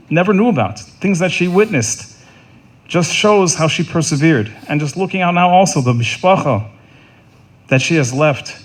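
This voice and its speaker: A middle-aged man delivering a funeral eulogy in an earnest, halting way, often repeating words and restarting. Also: fairly high pitch. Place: funeral service.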